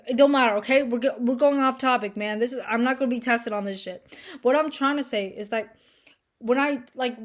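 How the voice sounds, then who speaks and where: A young woman talking straight to camera in a loose, joking monologue, slightly high in pitch. She rambles through her story with lots of fillers and casual swearing, playful and self-mocking. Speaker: vlogger.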